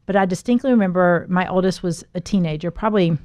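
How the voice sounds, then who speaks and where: A woman's voice: fairly low pitch, fast, a little mellow, dry recording, studio quality. A middle-aged woman hosting a podcast interview, chatty and telling stories with easy laughter. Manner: chatty, storytelling, laughs easily. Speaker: podcast host. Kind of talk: casual interview chat.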